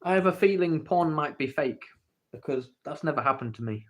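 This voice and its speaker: Recorded via phone, an English man with a slightly high voice, lively intonation, and a somewhat fast pace hosts a laid-back livestream. He reads chat messages and teases the audience, pleading to hear the story.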